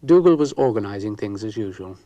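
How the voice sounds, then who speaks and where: A man narrating a children's storybook in an unhurried manner. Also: lowish voice, expressive, highs cut off. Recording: dry with faint music.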